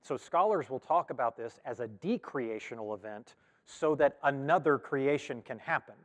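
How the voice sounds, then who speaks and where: A man's voice: medium pitch, expressive, moderate pace. Man teaching scripture in an echoing hall. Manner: conversational, with frequent fillers and self-corrections. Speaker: pastor teaching a Bible study. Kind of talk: casual Bible study teaching. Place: church hall. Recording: long reverb of a large hall.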